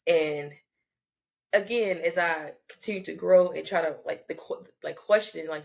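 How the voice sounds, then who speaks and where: A woman in her thirties hosting a casual conversation, talking reflectively and haltingly, often restarting her sentences. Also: on the low side, creaky.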